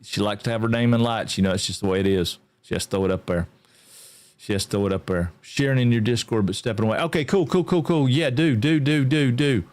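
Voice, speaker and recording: A man's voice: medium pitch, fast, darkish tone. A middle-aged man, chatting casually on a livestream, rambling and easygoing and greeting viewers by name. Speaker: game streamer.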